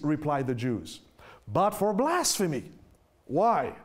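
A man preaching with a high voice that swings widely in pitch. He drives each point home, keeps asking his listeners questions, and slows right down to read scripture aloud. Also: big pitch swings, darkish tone. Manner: emphatic, asks the listeners rhetorical questions; reads scripture aloud slowly with heavy stress. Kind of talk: sermon.

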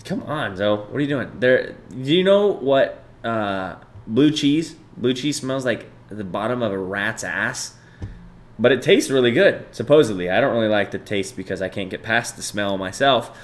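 A man's voice: medium pitch, animated, normal speed. A young man in his twenties chatting casually and profanely with his stream viewers, bantering loosely and reading chat aloud.

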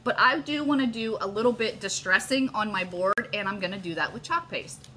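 A woman's voice: medium pitch, brisk, bright, forceful tone, slight background noise. A middle-aged woman chatting casually through a live home craft tutorial, often calling viewers "you guys". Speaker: craft demonstrator.

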